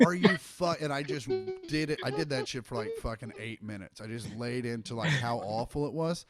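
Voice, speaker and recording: A man's voice: mid-range voice, fairly quick, loud music behind the voice. A middle-aged man, a stand-up comic, telling profane stories in casual podcast chat and acting out the quotes. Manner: profane, animated anecdote telling with acted-out quotes.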